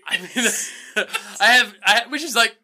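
Bright-voiced man rambling in casual film chat. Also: very high-pitched, animated, measured pace. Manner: rambling, filler-heavy, laughing asides. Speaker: podcast co-host. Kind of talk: casual movie-review banter.

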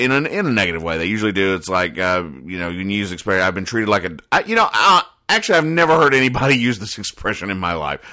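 A man's voice: on the low side, sharp tone. A man hosting a comics-reading show, talking casually with dry, wry asides and frequent hesitations. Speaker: host reading newspaper comics. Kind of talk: casual commentary.

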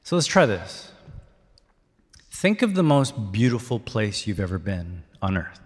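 A male pastor giving an interactive sermon, leading his congregation in call-and-response and rising to excited shouts. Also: on the low side, measured pace, breathy edge. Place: church hall. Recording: long hall reverb.

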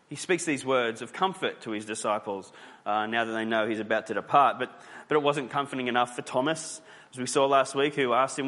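A man's voice: mid-range voice, normal speed, a bit bright, in a large hall. A man preaching a sermon as pastor, talking conversationally and telling stories, with many fillers and restarts.

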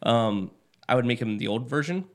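A young man chatting casually with a group, relaxed and loose, with lots of fillers. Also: mid-range voice, moderate pace. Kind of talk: casual chat.

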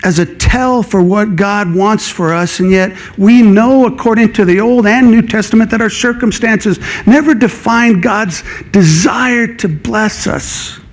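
High-voiced man preaching a lively sermon. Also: measured pace, hardly any pauses. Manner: animated, conversational preaching that acts out inner dialogue. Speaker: pastor.

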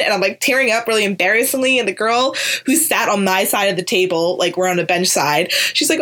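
A woman's voice: mid-range voice, fast talker. Chatty young woman telling a story. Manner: animated, fills speech with "like", swears casually. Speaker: podcast co-host. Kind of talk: casual storytelling chat.

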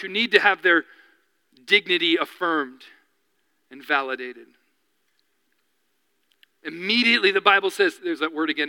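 A man's voice: high-pitched, pushed and bright, clear, resonant tone, long reverb tail. A man preaching a sermon as pastor, earnest and building to impassioned appeals.

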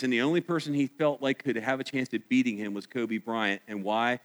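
A man preaching a sermon as pastor, emphatic and at times near shouting. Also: medium pitch, steady tone, fairly quick. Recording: echoey hall.

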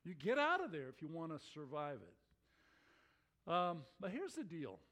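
A man preaching a sermon to his congregation, telling stories in an animated way with exclamations that rise. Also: on the high side, a little slow. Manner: animated storytelling with rising exclamations. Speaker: pastor.

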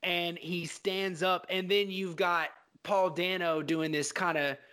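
A man with a fairly high voice co-hosts a casual film podcast. He talks in an animated way, swears freely and slips into short acted-out bits from scenes. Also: takes it slowly, smooth. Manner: animated, profane, acts out scenes. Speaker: podcast co-host.

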